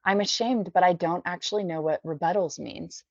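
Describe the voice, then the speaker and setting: Woman from the Bay Area, memoir reading, subdued, gravelly, lo-fi. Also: lowish voice, moderate pace, no room sound. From San Francisco Bay Area. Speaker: podcast guest. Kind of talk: reading her memoir aloud. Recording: dull dry lo-fi recording.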